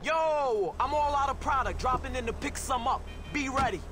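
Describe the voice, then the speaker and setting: Pushy, jittery drug buyer. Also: male voice, very high voice, normal speed, fairly bright tone, soft background music. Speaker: game character.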